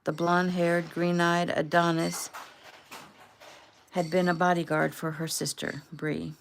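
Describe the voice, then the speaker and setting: A woman, the author, reading her own novel aloud in a relaxed, conversational way. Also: on the low side, a little slow, gravelly, a little hiss or hum. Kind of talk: casual audiobook narration.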